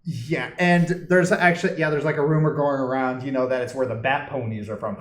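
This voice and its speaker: Teasing man in an echoey room. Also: medium pitch. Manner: teasing, halting, many restarts. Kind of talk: casual video-call chat.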